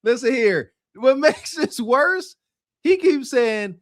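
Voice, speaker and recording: A man co-hosting a podcast, commenting on a video clip in a mocking, animated way and laughing through his remarks. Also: extremely high pitch, takes it slowly, no room sound, clean studio sound. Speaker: podcast co-host.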